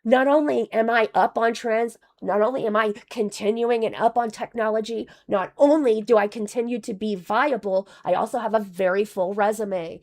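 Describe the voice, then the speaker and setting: On a live stream, a woman reads out donations and chats casually, rambling, swearing, and restarting often while her voice gives out. She speaks at a normal speed with few pauses, in a steady, higher-than-average voice.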